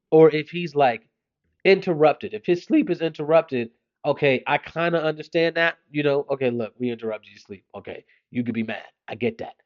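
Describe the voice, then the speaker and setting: Dad in his 30s going off about bedtime, exasperated comedy rant, kinda high voice, muffled lo-fi sound. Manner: exasperated, ranting to his kids. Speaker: father, comedic host. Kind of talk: comedic monologue.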